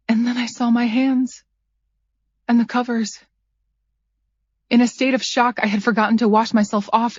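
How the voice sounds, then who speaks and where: A woman narrating a first-person psychological thriller audiobook in a measured, tense storytelling voice. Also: fairly high pitch, a little mellow, dry recording. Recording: dry, slightly dull studio read.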